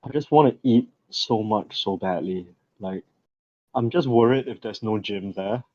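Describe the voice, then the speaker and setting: A man's voice: fairly low pitch, unhurried, dark tone, highs cut off. A man co-hosting a podcast, chatting in a crude, joking way and laughing often. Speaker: podcast co-host. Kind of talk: casual banter.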